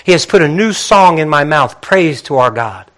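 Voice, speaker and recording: A man preaching a sermon, reading scripture quietly and then building to emphatic, repeating rhetorical questions. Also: on the high side, expressive, moderate pace. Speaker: pastor.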